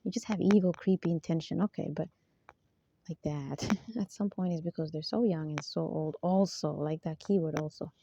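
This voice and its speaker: A woman's voice: low-pitched, normal speed, vocal fry, warm tone, slight background noise. A woman in a rambling monologue who keeps asking for agreement and laughs between her points. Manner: rambling, repeatedly seeks agreement. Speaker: spiritual vlogger. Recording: dull lo-fi dry sound.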